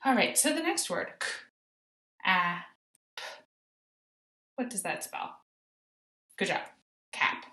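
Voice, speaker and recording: Teacher lady doing a phonics lesson for little kids, super slow and clear, echoey room. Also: fairly high pitch, very animated, fairly bright tone. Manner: slow, clear modeling of sounds for kids to echo. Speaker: kindergarten teacher. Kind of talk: recorded phonics lesson for children. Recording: roomy echo.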